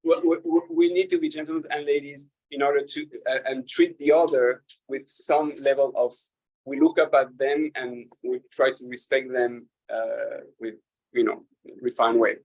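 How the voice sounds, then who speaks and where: A man, a rabbi, talking casually to an audience, halting with fillers and restarts and laughing at his own jokes. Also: mid-range voice, flat delivery, a little mellow, low-quality recording.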